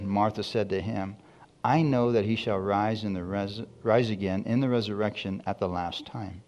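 Low-voiced preacher man with soft music. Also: fairly even intonation. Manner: reads scripture slowly, calls out to the congregation. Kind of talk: sermon.

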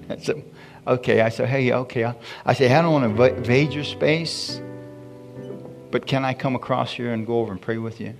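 A man's voice: mid-range voice, steady tone, moderate pace, creaky, soft background music. A man, a pastor, telling a story from his week and leading prayer in a folksy, repetitive way. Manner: folksy, repetitive, chuckles at his own stories. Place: church.

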